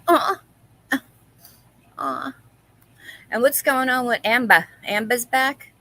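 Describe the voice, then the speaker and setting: Woman doing a chill coffee chat stream, bright voice, lots of laughing, reads chat out. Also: sits high, slow pace, long pauses, no echo, rough recording. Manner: gossipy, laughs often, reads the chat aloud. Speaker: live-stream host. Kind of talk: casual chat with live viewers.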